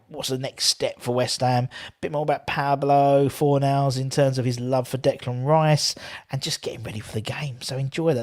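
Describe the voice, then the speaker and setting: A man's voice: mid-range voice, a little mellow. A man hosting a casual football fan live stream, chatting and rambling while reading out viewer comments. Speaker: fan channel host.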